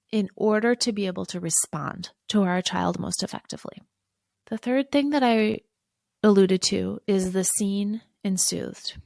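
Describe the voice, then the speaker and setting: Woman podcast host, parenting coach, slight vocal fry, dry close sound. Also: medium pitch, no echo. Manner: warm, coaching, acts out soothing lines to a child. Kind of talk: solo podcast teaching.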